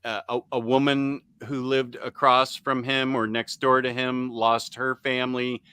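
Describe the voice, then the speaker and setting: Slow, crisp-voiced man chatting. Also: mid-range voice, little pitch movement, pushed and bright, dry recording. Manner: halting, many ums and restarts. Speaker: podcast host. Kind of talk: casual chat. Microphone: USB microphone on computer.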